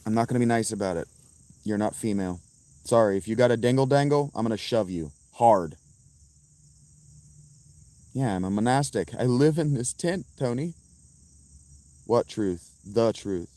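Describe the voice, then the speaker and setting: A man livestreaming outdoors and answering his chat in a profane, combative, quick-tempered way. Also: mid-range voice, dark tone. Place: outdoors by a fountain.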